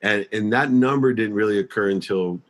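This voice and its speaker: A middle-aged man telling his life story as an interview guest, emphatic and animated. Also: on the low side, a little fast. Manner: emphatic, acts out past dialogue in a raised voice.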